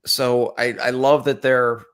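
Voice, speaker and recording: A man's voice: medium pitch, flat delivery, a little slow, a bit bright, smooth. Man guest, thoughtful, hesitant. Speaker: book discussion guest. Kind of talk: casual book discussion.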